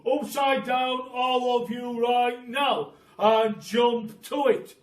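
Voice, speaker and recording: A man's voice: very high voice, fairly even intonation, slow pace, voice pushed up. A man doing a barking, cruel old man. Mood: barking orders. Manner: barking, commanding. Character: cruel bossy old man, a fearsome trainer. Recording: echoey room, mic at a distance.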